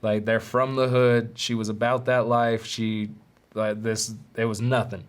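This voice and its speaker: A man hosting a podcast, telling a story in a casual, animated, profane way with street slang. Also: on the low side, a little slow. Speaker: podcast host.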